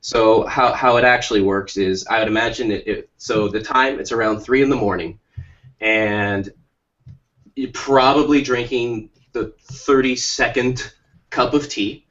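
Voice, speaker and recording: In muffled, lo-fi stream audio, a male podcast co-host playfully rambles through a jokey story with many restarts. His medium-pitched voice is fairly bright, a little slow, and fairly even in intonation.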